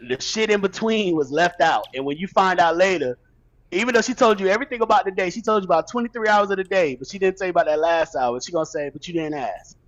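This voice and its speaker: A man host with a slightly high voice, telling stories in a loose, profane, animated way. The sound is muffled and lo-fi. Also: fast talker. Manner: animated storyteller, laughs easily, loose and profane. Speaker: podcast host. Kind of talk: casual podcast chat.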